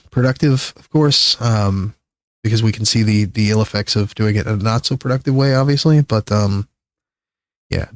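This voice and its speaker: Profane ranting male streamer. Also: no room sound. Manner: profane, rambling, exasperated; swings from high pitch to low mutter. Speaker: livestreamer. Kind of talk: ranting livestream commentary.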